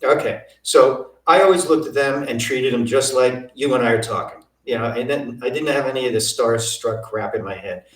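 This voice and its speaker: An older man, a guest in an interview, telling lively anecdotes and acting out what others said. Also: medium pitch, normal speed, hardly any pauses. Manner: animated anecdotes, acting out quoted voices. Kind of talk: storytelling interview. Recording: roomy, from a distance.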